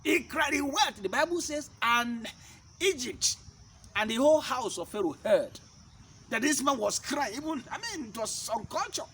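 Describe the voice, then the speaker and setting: A man's voice: very high-pitched, big pitch swings, moderate pace, a bit bright, a little hiss or hum. A man preaching a sermon-style teaching. He fires rhetorical questions at his listeners and hammers his points by repeating them. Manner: emphatic, repeats key points.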